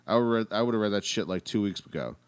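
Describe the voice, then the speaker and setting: Male co-host with a lowish voice, casual, emphatic, salty language. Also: fast, clear, resonant tone. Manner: animated, profane, emphatic storytelling. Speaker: podcast co-host. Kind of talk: casual chat.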